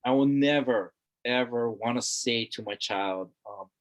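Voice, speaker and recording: A man's voice: mid-range voice, a little slow. Earnest man repeating words for emphasis. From Hawaii. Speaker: interview guest. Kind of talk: casual conversation.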